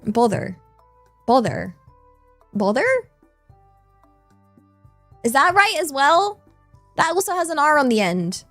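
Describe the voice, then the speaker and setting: A woman's voice: sits high, sing-song, slow pace, pauses often, a bit bright, dry recording, faint music behind. A playful, giggly woman with a West Country English accent, chatting casually with her live-stream audience. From England. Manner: playful, giggly, thanks chat in Japanese.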